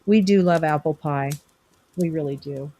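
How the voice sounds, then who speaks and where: A woman's voice: low voice, moderate pace, dark tone. Chatty teasing woman streamer. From California. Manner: rambling, teasing, answering chat by name. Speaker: live stream host. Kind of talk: casual chat with viewers.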